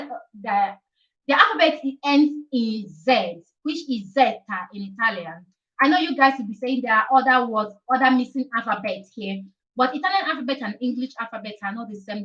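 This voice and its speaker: A woman with a slightly high voice teaches the alphabet in a relaxed live stream. She repeats each letter and keeps asking "okay?". Her voice sounds set back from the mic, with a dull, muffled sound. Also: recorded from a distance. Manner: chatty, repeats letters, asks "okay?" often. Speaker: Italian teacher.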